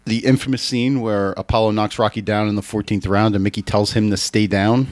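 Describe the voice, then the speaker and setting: Low-voiced man hosting film chat. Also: flat delivery, dry recording. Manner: explanatory, halting with fillers. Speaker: podcast host. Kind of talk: casual film commentary chat.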